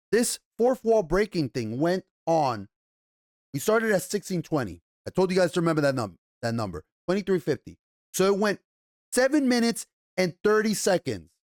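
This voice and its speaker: An exasperated TV reviewer rants with heavy swearing, circling back to the same complaints again and again. The voice sits at a middling pitch, and the recording is dry and close with no room sound. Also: dry recording. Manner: exasperated, swearing heavily, repeating points. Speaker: TV show reviewer. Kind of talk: angry rant review.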